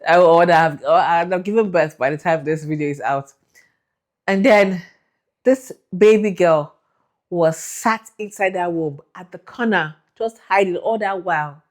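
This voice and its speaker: Animated woman with a low voice. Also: measured pace. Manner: animated, laughing, acts out voices in her story. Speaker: vlogger sharing a faith testimony. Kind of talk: emotional personal storytelling.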